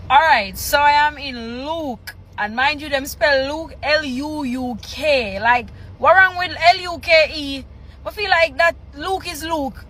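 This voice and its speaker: A woman's voice: high-pitched, pushed and bright, poor audio. A Jamaican woman chatting casually in a reaction video, reading aloud with exasperated, teasing remarks.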